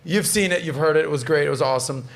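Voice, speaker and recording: A man's voice: a little high, racing, gravelly. Upbeat joking man hosting a podcast. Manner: upbeat, joking, steers the talk. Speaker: podcast host. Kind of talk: casual chat.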